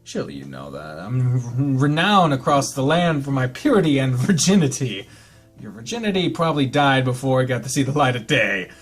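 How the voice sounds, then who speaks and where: A man's voice: medium pitch, big pitch swings, moderate pace, breathy edge, faint music behind, pitched below the performer's own voice. A man reading a sleepy teasing young guy. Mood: mock-innocent. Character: tired joking young man, teasing but lonely.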